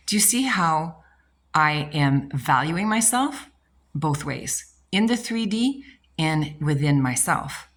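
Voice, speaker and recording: Deep-voiced woman coach, blunt and emphatic, fond of rhetorical questions. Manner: emphatic, blunt, swears casually. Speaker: manifestation coach. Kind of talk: motivational talk to camera.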